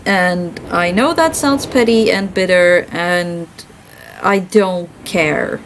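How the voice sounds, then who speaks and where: A tired woman streamer who is a classical musician, chatting casually and venting in a rambling, animated way while playing a game. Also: medium pitch, a little hiss or hum, rough recording.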